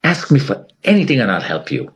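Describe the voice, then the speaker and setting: A man's voice: mid-range voice, wildly swooping pitch, fairly quick, lo-fi sound. A middle-aged man telling a personal story in an interview, acting out the lines of the people in it. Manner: vivid, acts out quoted dialogue. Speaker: interview guest.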